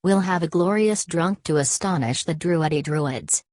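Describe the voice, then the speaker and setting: A brash, mocking young medical student , read by a woman in a low voice, teasing and boisterous in an audiobook reading. The sound is close and dry. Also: normal speed, darkish tone, no room sound, natural voice. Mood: jovial.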